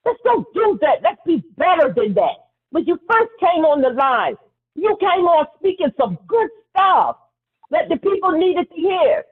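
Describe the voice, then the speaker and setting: A woman co-hosting a call-in show, speaking earnestly and emphatically, often repeating herself. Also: very high voice. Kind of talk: heated call-in talk. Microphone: phone call. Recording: tinny phone line, far from mic.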